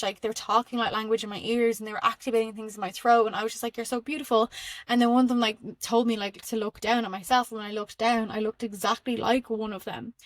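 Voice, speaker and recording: A young Irish woman hosting a podcast, telling spiritual stories in an excitable, rambling way with frequent laughs. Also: fairly high pitch, no echo. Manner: excitable and rambling, laughs often, many fillers. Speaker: podcast host. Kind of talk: casual spiritual storytelling monologue.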